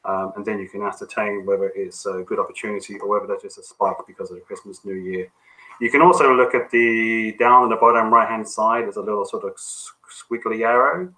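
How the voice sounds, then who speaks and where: A man coaching on a call, answering questions in a relaxed, conversational way with frequent ums and restarts. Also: on the low side, brisk, poor audio. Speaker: business coach.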